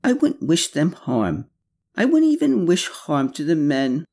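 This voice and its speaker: A male narrator voicing a kind, gentle young woman who speaks softly and a little hesitantly. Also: a little high, wildly swooping pitch, measured pace, vocal fry, voice pushed up, full character voice. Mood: earnest.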